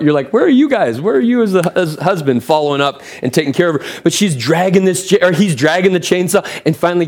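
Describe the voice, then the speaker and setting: A male pastor preaching a sermon, telling a story with chatty asides to the congregation. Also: on the high side.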